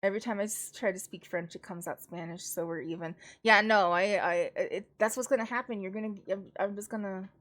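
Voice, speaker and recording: A woman's voice: mid-range voice, fairly quick, hardly any pauses, a bit bright. A woman casually reviewing books on a live stream, chatty and rambling, with frequent laughs and restarts. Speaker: book streamer.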